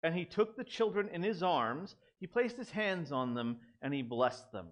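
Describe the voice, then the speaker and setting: Animated, high-voiced young male pastor. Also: normal speed. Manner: conversational, animated, self-deprecating asides. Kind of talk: casual sermon.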